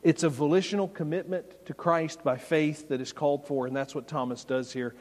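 A man's voice: on the high side, steady tone, brisk, a little mellow. A man preaching a sermon as a pastor, conversational and emphatic, with folksy anecdotes, in a church sanctuary. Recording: long reverb of a large hall.

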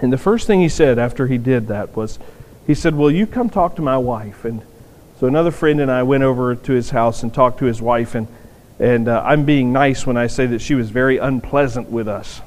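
With a medium-pitched, slightly mellow voice at a moderate pace, a man preaches earnestly in a church sanctuary. As pastor, he often repeats words for emphasis, and the large hall adds a long reverb.

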